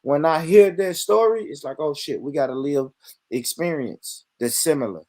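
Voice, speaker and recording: An American man hosting a loose podcast conversation, relaxed and full of slang and swearing. His voice sits a little high, recorded close and dry. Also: moderate pace, no echo. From United States. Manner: laid-back, profane, slangy. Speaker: podcast host. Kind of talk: casual chat.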